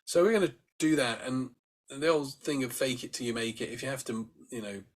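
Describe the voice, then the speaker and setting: A soft-spoken man leading a relaxation class at an easy, unhurried pace. His voice sits in an ordinary middle pitch as he gently coaches breathing, stopping now and then to yawn or sigh as a demonstration. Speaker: meditation teacher. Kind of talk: guided breathing instruction.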